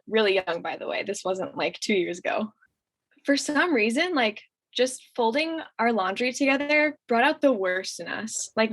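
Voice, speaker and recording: A woman in her twenties, a podcast guest, telling a childhood story in a casual, animated way and laughing often. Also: on the high side, rough recording.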